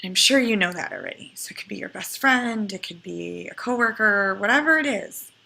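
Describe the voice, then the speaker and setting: Woman, middle-aged, bright tone, earnest, heartfelt, casual vlog talk. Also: mid-range voice, lively intonation, fairly quick, vocal fry. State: fighting back tears. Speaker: spiritual forecast vlogger. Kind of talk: casual weekly forecast talk.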